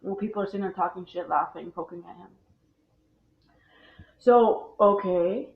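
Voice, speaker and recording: A woman's voice: mid-range voice, moderate pace. A woman speaking in a long rambling monologue, blunt and profane and full of restarts. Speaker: speaker on religion. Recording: tinny phone-like sound in an echoey room.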